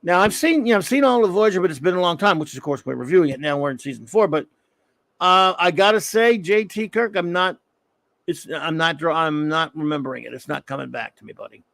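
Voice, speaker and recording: A man's voice: sits high, lively intonation, brisk, fairly bright tone, no echo. A middle-aged man hosting a live stream, rambling and joking as he answers chat comments. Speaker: live-stream show host.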